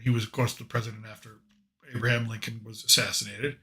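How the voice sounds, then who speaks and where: A man's voice: medium pitch, flat delivery, fast talker, sharp tone. A man hosting a podcast, chatting casually and jokingly about politics with rambling, opinionated asides. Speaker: podcast host.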